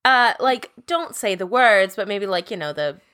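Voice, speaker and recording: Woman, young adult, film podcast co-host, playful storyteller, crisp bright tone. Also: mid-range voice, animated, moderate pace. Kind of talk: casual film podcast chat.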